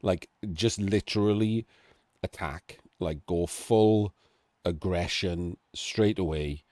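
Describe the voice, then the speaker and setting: Sick, coughing Welsh man, very deep. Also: slow, a little mellow, no room sound, studio quality. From Wales. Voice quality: nasal, throaty. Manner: chatty, self-deprecating asides. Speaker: game analyst. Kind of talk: casual game commentary.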